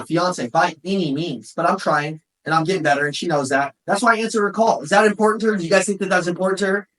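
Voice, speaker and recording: A man giving an energetic motivational talk, often shouting for emphasis and calling listeners "bro" and "man". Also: high voice, poor audio. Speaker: motivational speaker.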